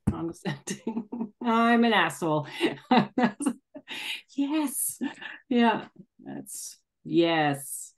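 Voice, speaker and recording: Low-pitched female host, reflective and relaxed, casual group talk. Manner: reflective, laughs easily.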